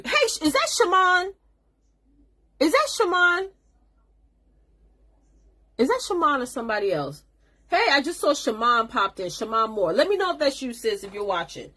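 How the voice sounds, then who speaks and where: A woman hosts a casual live-stream lesson for her viewers. Her voice has a husky, breathy grain and sits at an ordinary pitch. She talks in a chatty, sassy way and calls her audience honey. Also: fairly bright tone. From New York. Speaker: business coach hosting a live stream.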